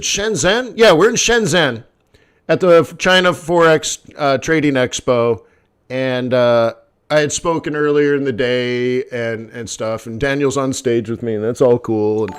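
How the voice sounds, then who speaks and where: A man hosting a live trading stream, telling stories in a lively casual way and acting out the people he quotes. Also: a little high, smooth. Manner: animated, acts out quoted people. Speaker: forex trading host. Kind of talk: live stream chat and storytelling.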